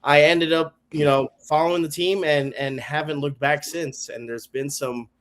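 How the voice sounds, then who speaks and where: Guy guesting on a podcast, kinda high voice, tells stories all worked up and does everyone's lines. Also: normal speed. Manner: animated storyteller, acts out quoted people. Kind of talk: casual chat. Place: home garage studio.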